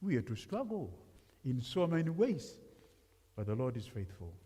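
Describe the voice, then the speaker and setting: A man from Africa preaches as a guest speaker in a church sanctuary, speaking conversationally and putting questions to the congregation. His mid-range voice is warm, husky and very animated, at a moderate pace. The recording carries a long church reverb.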